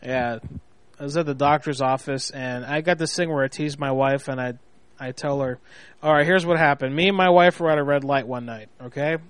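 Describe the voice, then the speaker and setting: A man's voice: medium pitch, a little fast, no room sound. A man hosting a radio show, joking around and telling a teasing story. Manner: joking, storytelling, prank calling. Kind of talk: casual radio banter.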